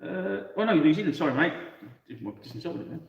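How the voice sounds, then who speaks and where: A man's voice: fairly high pitch, animated, fast, vocal fry, lo-fi sound. A man co-hosting a wargaming livestream, chatting casually with short, chuckling replies. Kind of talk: casual banter. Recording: echoey room, mic far off, faint noise.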